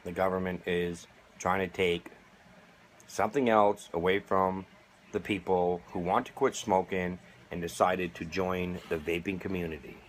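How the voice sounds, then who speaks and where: A man's voice: low voice, steady tone, measured pace, a little hiss or hum. A middle-aged man speaking straight to camera, sarcastic and indignant, making a plea as a vaping advocate. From United States. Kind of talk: direct-to-camera appeal.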